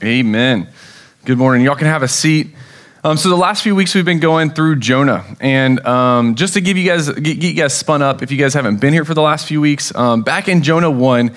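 A young American man giving a casual, storytelling sermon in a church, with plenty of fillers and quick acted-out quotes. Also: a little high. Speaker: preacher. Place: church sanctuary.

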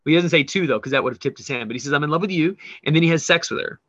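A man's voice: medium pitch, rapid-fire, no room sound, highs cut off. A man co-hosting a podcast, telling stories animatedly with laughter and swearing as he reads memes aloud. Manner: animated, laughing, profane storytelling. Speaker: podcast co-host. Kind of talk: casual chat reading memes.

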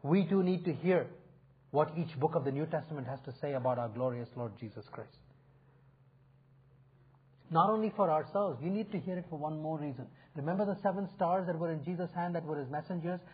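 A man's voice: on the high side, fairly quick, breathy edge. A male pastor preaching a sermon in an earnest, inviting way, swelling and dropping his emphasis. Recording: phone-like narrow sound.

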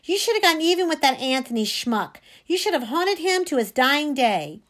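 A woman's voice: mid-range voice, lively intonation, takes it slowly, fairly bright tone, pitched below the performer's own voice. A woman voicing an angry teenage boy ghost, bitter and vengeful, with heated, tough street talk, reading from a storybook. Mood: furious.

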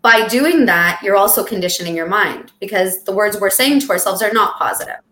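A woman co-hosting a podcast in casual chat, talking in a chatty, expressive and jokey way and acting out dramatic lines. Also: medium pitch, a little fast, echoey room. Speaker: podcast co-host. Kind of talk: casual chat about weight loss.

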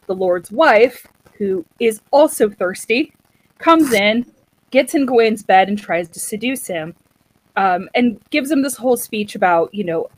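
A woman casually retelling a story in a chatty, animated way, acting out what the characters say. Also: mid-range voice, low-quality recording. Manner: chatty, animated, acts out quotes.

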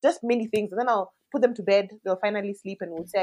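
A woman's voice: medium pitch, steady tone, quick pace, darkish tone, a little hiss or hum. A woman in her thirties, a mother and interview guest, talking candidly and reflectively in casual conversation, with lots of "like" fillers.

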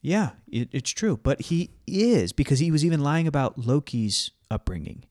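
A man's voice: a little high, big pitch swings, moderate pace, a little mellow, no room sound, clean studio sound. A man co-hosting a casual podcast chat, rambling with many fillers and restarts. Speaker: podcast co-host.

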